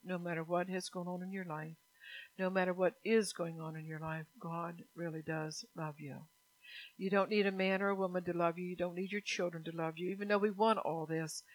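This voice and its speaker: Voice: mid-range voice, poor audio. A preacher delivering a fervent sermon, repeating exhortations and asking the congregation rhetorical questions.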